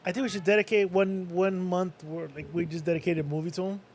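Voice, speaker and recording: A man's voice: sits high, level tone, a little mellow. A younger man co-hosting a casual movie watch-along, joking and swearing freely. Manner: fast, joking, swears a lot. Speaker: podcast co-host.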